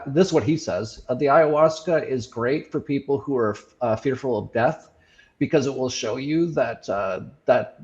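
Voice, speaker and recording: Halting man telling a story on muffled audio. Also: medium pitch. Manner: halting, many fillers and restarts. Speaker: show host sharing his experiences. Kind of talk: casual reflective storytelling.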